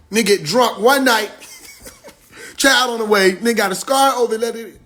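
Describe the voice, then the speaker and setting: This man's voice is very high and fairly bright, and he speaks unhurriedly with long pauses. Addressing his livestream followers casually, he tells slang-laced stories, acts out quotes, laughs often, and speaks directly to them.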